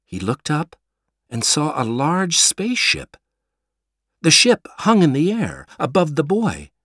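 Guy reading a storybook slow, lots of pitch movement, husky, dry sound. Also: huge pitch swings, a bit bright, no room sound. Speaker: narrator.

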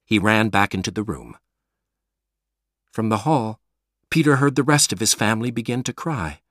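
A man reading a story aloud, slow and expressive. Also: lowish voice, no echo, clean studio sound. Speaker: narrator.

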